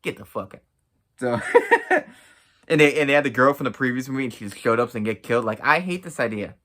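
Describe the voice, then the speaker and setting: A man's voice: medium pitch, fast, a bit bright. A man giving a casual, blunt and profane rant as a film reviewer, exasperated and outspoken.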